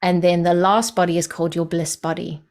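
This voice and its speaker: A woman from the UK, a podcast guest calmly explaining ideas in a patient, unhurried way with frequent fillers. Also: fairly low pitch. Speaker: podcast guest, energy healing practitioner. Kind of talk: explanatory interview talk.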